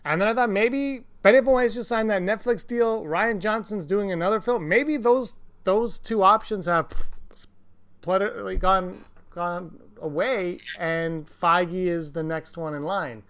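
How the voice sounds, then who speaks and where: A man co-hosting a casual podcast, talking excitedly with many restarts and acting out quotes in a raised voice. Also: sits high, unhurried, clear, resonant tone. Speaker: podcast co-host.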